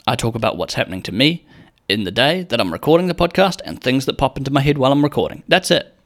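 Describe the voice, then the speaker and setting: A man's voice: medium pitch, lively intonation, fast, a bit bright. Man, young adult, solo podcast host, casual, rambling, profane, jokey.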